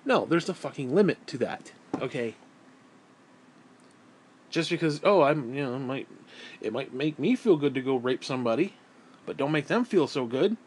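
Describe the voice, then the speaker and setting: A man's voice: medium pitch, animated, normal speed, pauses often, a little mellow, husky. A man ranting bluntly to camera in a crude, profane way while lying down at home. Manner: crass, blunt, swears constantly. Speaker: vlogger.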